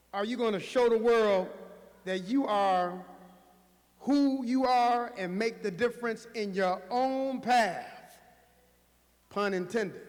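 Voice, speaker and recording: A man on staff at a school, giving a commencement speech with call-and-response chants and a rousing, preacher-like rhythm full of repetition. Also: high-pitched. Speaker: school staff speaker at a graduation. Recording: echoey hall with long reverb.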